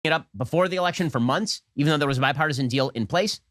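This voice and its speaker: Brief: male political commentator, extremely fast and combative, dry close sound. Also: fairly high pitch, a bit bright, no room sound. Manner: brisk, combative.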